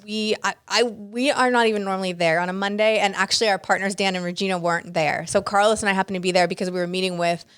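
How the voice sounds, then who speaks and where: Chatty female guest, animated storyteller, mid pitch, full of fillers. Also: fast, few pauses, clear, resonant tone. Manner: chatty, many fillers and restarts; animated, acts out quoted people. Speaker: restaurant co-founder, guest. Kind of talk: casual interview storytelling.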